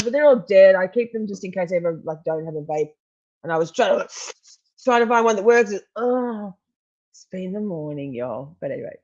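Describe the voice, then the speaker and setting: A woman's voice: medium pitch, darkish tone, highs cut off. A woman rambling and laughing as she chats casually on a live stream, swearing freely. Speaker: true crime streamer. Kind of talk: casual live-stream chat over court footage.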